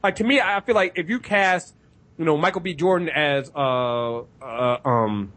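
A man's voice: fairly high pitch, unhurried, a bit bright. A man in casual chat, thoughtfully explaining his view at length.

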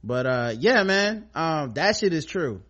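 A man's voice: on the high side, big pitch swings, measured pace, fairly bright tone, dull audio. A man co-hosting a casual podcast, reading listener mail and talking bluntly and profanely.

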